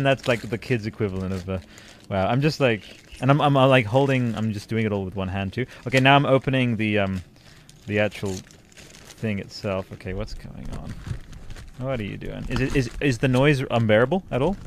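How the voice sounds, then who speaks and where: A man from Italy hosting a podcast in casual chat, excitable and effusive, often laughing. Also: mid-range voice, moderate pace, slight background noise. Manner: excitable, effusive, bursts into laughter and loud exclamations. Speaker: podcast host.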